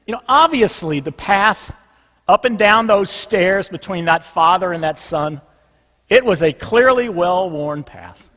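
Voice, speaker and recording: A pastor with a notably high voice delivers a sermon, pressing each point with emphasis and then easing into a hushed, low refrain. His words ring out with a long reverb from a large church. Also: animated, unhurried. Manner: emphatic, drops soft and low on a repeated refrain. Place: church sanctuary.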